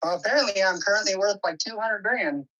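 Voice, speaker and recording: A woman's voice: mid-range voice, quick pace, sharp tone, recorded from a distance, dull audio. Defensive, matter-of-fact female guest. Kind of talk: casual call-in chat.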